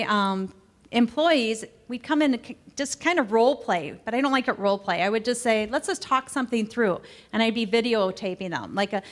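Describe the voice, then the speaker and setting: A middle-aged woman giving a customer service training talk in a conversational, animated way, acting out quoted exchanges. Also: fairly high pitch. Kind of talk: training presentation. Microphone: recorded to camera.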